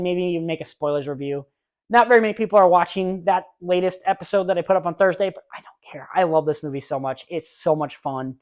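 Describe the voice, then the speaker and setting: An eager young man in his late twenties chats through a casual movie review vlog. His talk is loose and rambling, full of restarts, asides and gushing enthusiasm. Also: high voice. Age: late 20s.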